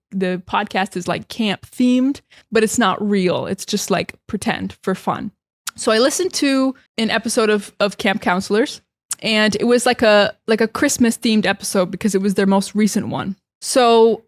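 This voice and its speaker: American woman, young adult, casual English teacher, chatty, dry close sound, mid pitch. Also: no room sound. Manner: chatty, many fillers and restarts. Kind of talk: casual podcast-style teaching.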